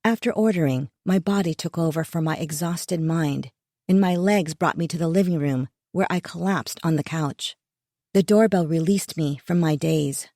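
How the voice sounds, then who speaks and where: A woman reading a first-person thriller audiobook in a measured, tense, inward storytelling manner. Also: low voice, dark tone, no room sound, studio quality. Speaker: audiobook narrator.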